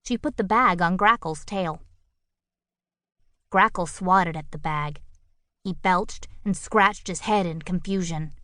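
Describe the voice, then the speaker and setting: A woman narrating a children's picture book audiobook with expressive, playful storytelling on a close studio mic. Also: lowish voice, takes it slowly, long pauses, dry recording.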